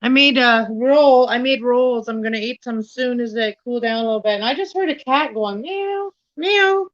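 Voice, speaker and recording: A woman's voice: a little high, normal speed, dull audio. A woman hosting a casual home livestream, rambling and easily distracted while she bakes in her kitchen. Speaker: livestream host.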